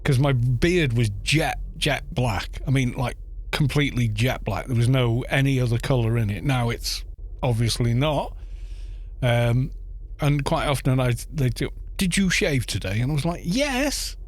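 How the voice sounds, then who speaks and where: A man's voice: mid-range voice, moderate pace. A middle-aged man with a Welsh accent, chatting and joking with his viewers while streaming a game, often stumbling over his words. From Wales. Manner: chatty, jokey, answers chat with stumbles and laughs. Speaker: gaming streamer.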